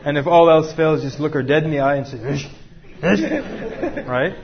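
A man's voice: a little high, steady tone, fast talker, muffled recording, a crowd in the background. A man teaching a class, joking and asking the room questions. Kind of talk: interactive class talk with students.

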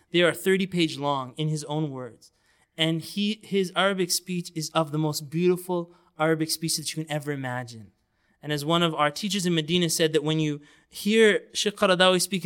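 A man's voice: a little high, a bit bright, clean tone. A man giving an earnest, emphatic sermon, with passages of the Quran chanted melodically. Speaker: Islamic preacher.

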